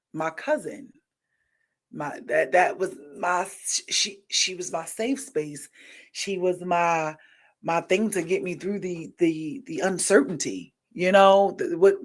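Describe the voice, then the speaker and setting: Slow-talking emotional woman podcast host. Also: mid-range voice. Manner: emotional, rambling, repeats herself. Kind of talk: candid personal monologue.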